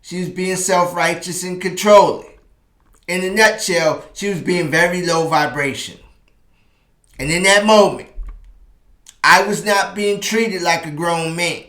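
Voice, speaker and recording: Man, 50s, relationship advice host; bright, tense voice, animated personal storytelling recorded with roomy echo. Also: high-pitched. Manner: animated storytelling, then slower and more emotional reflection. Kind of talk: personal storytelling monologue to camera.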